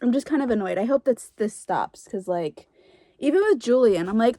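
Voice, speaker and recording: A woman's voice: a little high, expressive, normal speed, dark tone, no echo. A young woman reacting to a book in a casual reading vlog, gushing and exasperated by turns. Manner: gushing, exasperated, laughs and rants. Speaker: book vlogger.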